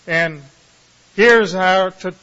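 A man preaching a sermon, reading scripture slowly with dramatic pauses before explaining it with dry asides. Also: high-pitched, pushed and bright. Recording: muffled, reverberant hall sound.

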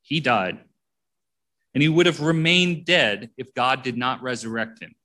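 A man's voice: mid-range voice, a little slow, sharp tone. Man preaching through scripture verses. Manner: reads verses aloud and comments between them, plain and conversational. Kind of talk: sermon with scripture reading.

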